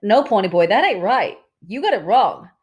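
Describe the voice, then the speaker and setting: A woman's voice: mid-range voice, big pitch swings, normal speed, voice pushed up, lightly acted. A woman reading aloud, voicing a cocky, good-natured teenage greaser who talks bluntly.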